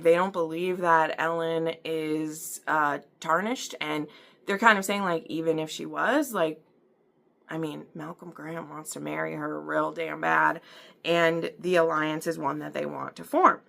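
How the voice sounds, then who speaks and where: Brief: Midwestern woman, TV recap host, chatty and animated, bright gravelly tone, lowish pitch. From American Midwest. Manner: chatty, animated, many fillers and acted-out quotes. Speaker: book and TV reviewer. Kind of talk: casual recap and review.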